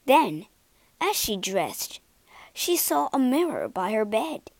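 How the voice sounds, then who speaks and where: Female storybook reader, slow pace, lively pitch. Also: no room sound. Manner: slow, lively expressive reading. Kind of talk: storybook reading.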